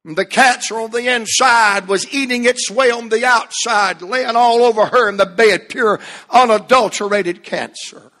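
A middle-aged man preaching a sermon with passion, drawing out key phrases and rising to a shout at points. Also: very high-pitched. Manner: impassioned, emphatic preaching with slowed, drawn-out phrases and occasional shouts.

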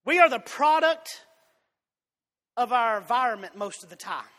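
A man with a Southern drawl from Georgia, preaching a fiery sermon that swings between loud shouts and soft asides. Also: very high voice, expressive, normal speed. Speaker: pastor. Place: church sanctuary. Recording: long hall reverb.

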